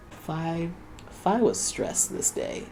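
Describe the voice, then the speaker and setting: A man's voice: mid-range voice, dark tone. A young man hosting a reaction video, chatting casually and laughing often as he quotes the people he watches.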